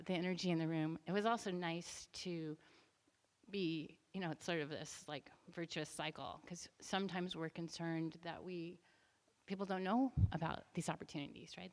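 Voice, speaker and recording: A woman reporting to a school board meeting in an enthusiastic, chatty way with many fillers. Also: low voice. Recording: echoey meeting hall.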